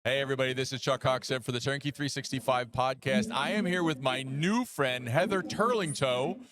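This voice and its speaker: A man's voice: mid-range voice, brisk. A man from Pennsylvania with a Philadelphia accent, hosting a podcast and trading jokes with a guest. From Pennsylvania, USA. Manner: joking, chatty, teasing banter. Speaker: podcast host. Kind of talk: casual conference interview. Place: busy conference floor. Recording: noisy crowd behind. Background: crowd chatter.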